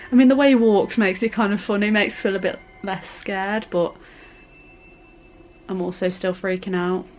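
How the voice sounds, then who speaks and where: A woman's voice: mid-range voice, fairly even intonation, normal speed, pauses often, darkish tone, slight background noise, poor audio. A young woman talking through a scary film as a vlogger, gasping, squealing and chatting in a casual reaction vlog.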